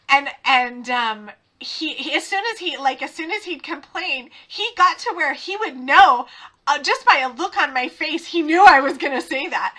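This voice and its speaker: A middle-aged woman hosting a podcast, talking in a chatty, animated way and laughing often. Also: sits high, moderate pace. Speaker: podcast host. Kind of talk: casual podcast monologue.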